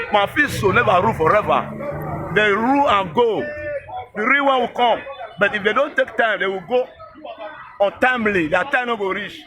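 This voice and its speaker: Nigerian man, interviewee, impassioned and repetitive, fairly high voice, noisy crowd behind. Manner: fervent, repeats words, preachy exhortation. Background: crowd noise.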